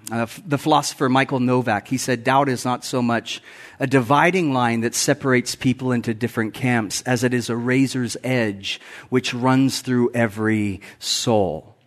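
A man in his forties, a guest pastor giving a conversational sermon with self-deprecating humor, often chuckling at his own stories. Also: mid-range voice. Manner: acts out quotes with raised voice. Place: church sanctuary.

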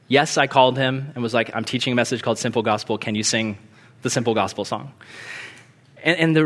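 Male pastor, earnest conversational sermon, mid-pitched voice. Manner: earnest, conversational, with emphatic swells and hushed prayer.

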